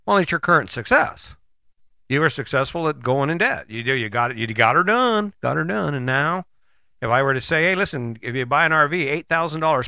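A man's voice: mid-range voice, bright, forceful tone, no room sound. A man hosting a motivational monologue, talking casually and rambling with frequent restarts.

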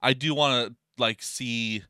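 Bright, clear-voiced man rambling casually. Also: mid-range voice, steady tone, unhurried, no echo, clean studio sound. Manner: rambling, fillers, frequent swearing. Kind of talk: casual chat.

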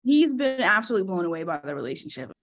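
A woman appearing as a guest coach on a casual podcast, animated and acting out emotions as she explains. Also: medium pitch, racing. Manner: animated, acts out emotions in quotes.

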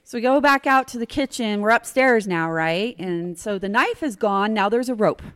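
Animated middle-aged woman telling a story. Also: mid-range voice, normal speed, clean tone. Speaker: podcast guest. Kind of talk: telling a personal story in casual chat.

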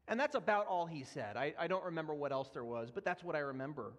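A young man with a high, light voice preaches a sermon, telling a personal testimony in an earnest, storytelling way. His words carry with the long reverb of a large hall. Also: animated, fast talker, few pauses, fairly bright tone. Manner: earnest storytelling, laughs at himself.

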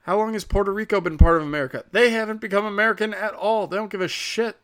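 A man's voice: sits high, fast, fairly bright tone. A man hosting a casual comedic monologue, rambling, sarcastic and heavy on profanity.

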